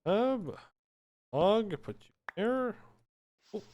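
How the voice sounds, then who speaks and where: A male streamer talking casually over a live game, bantering with chat and defending himself in jest. His voice sits a little high for a man and jumps around a lot in pitch. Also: animated, very slow, muffled recording. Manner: playful, joking with chat, mock-defensive. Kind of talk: casual live-stream commentary while playing.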